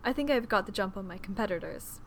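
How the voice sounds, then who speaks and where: A woman voicing a dry, mischievous nobleman who speaks in a low, understated, wry way in a storybook reading. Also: animated, fast talker, a bit bright, slight background noise.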